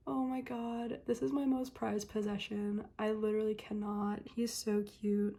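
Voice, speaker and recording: A woman's voice: mid-range voice, a little slow, hardly any pauses. Gushing young woman, losing her voice. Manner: gushing, excitable, lots of ums and laughs. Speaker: vlogger. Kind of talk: casual unboxing chat.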